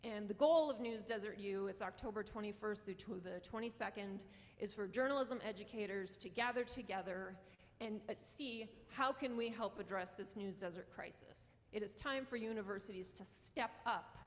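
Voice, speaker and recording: A woman's voice: mid-range voice, normal speed, big-room sound. A woman with a North Dakota accent speaks earnestly and with passion as a journalism professor giving a conference talk. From Western North Dakota. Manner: earnest and impassioned, with small laughs. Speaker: journalism professor and newspaper publisher. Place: lecture hall.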